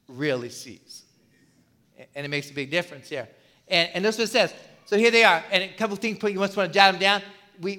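A man preaching a sermon in a conversational, energetic way, often restarting his words. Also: high voice. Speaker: pastor.

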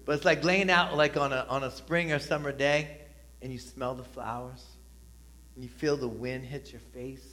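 A male pastor preaching a sermon, calling on the congregation to respond and swinging between loud emphatic lines and soft, low asides. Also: fairly even intonation, moderate pace.

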